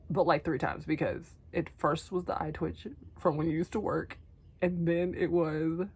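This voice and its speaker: A young woman talking tenderly to herself on camera in a vlog, soft and often whispery, teary, her voice going hoarse. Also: low voice, fairly even intonation, normal speed. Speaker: vlogger. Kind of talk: emotional self-talk to camera.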